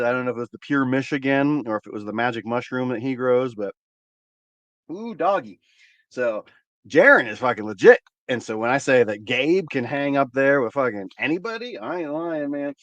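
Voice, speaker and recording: A man's voice: mid-range voice, fairly quick, fairly bright tone, no echo. A man hosting a cannabis channel, chatting casually with viewers in a laid-back, rambling way, often repeating words and swearing freely. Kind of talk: casual livestream chat with viewers.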